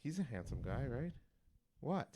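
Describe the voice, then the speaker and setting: A man co-hosting a casual podcast, excitable and jokey, swearing freely as he talks. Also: medium pitch, unhurried, slight background noise. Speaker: podcast co-host. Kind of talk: casual chat. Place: Toronto.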